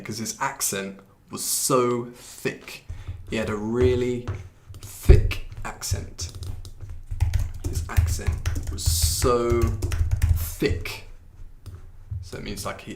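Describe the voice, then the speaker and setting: A man, teaching pronunciation in a relaxed, chatty live stream, often restarting his sentences and swearing mildly at his computer. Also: fairly low pitch, vocal fry, slight background noise. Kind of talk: live-streamed lesson, answering viewer comments.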